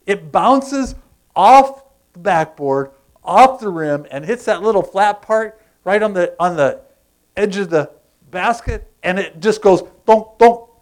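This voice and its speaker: A man preaching a sermon, animated, asking the congregation questions and acting out sounds. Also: high-pitched, measured pace. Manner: animated, acts out groans and crowd sounds, asks the congregation questions. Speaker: pastor.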